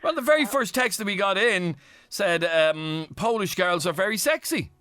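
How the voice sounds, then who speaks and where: A man hosting a radio phone-in, questioning a caller in a teasing, animated way. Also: high-pitched, moderate pace, a little hiss or hum.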